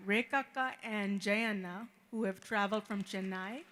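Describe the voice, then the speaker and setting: A middle-aged woman, the bride's mother, giving an emotional wedding reception speech, halting and repeating words as she thanks the guests. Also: medium pitch, fairly bright tone, a faint crowd, slight background noise.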